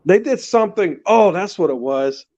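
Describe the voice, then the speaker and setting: A man with a slightly high voice tells a story in an animated way and laughs as he goes. The sound is dry and dull, like a lo-fi stream with no room in it. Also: normal speed, no echo. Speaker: co-host, father of the host. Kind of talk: casual storytelling chat.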